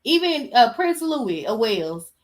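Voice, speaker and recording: Sassy woman podcaster, voice sits a bit high, talks back at clips. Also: big pitch swings, unhurried. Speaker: podcast host. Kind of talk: casual commentary.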